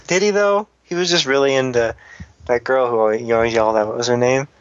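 A man co-hosting a podcast, reading listener comments with quick, exasperated jokes. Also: mid-range voice. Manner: joking, exasperated, quick asides. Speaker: podcast co-host. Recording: dull lo-fi podcast audio.

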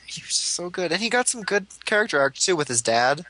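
Enthusiastic male podcast co-host, bright tone, slightly high pitch. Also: sing-song, a little fast. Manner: enthusiastic, laughing often, acts out quotes. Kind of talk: casual fan chat.

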